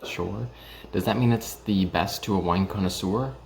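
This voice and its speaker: A young man with a very low voice and a gravelly fry talks casually into his camera mic at home. He hesitates a lot, filling gaps with ums and starting sentences over, and a faint hiss sits under the recording. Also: moderate pace. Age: young adult. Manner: hesitant, lots of ums and restarts. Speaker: vlogger reviewing whiskey. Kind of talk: casual vlog chat.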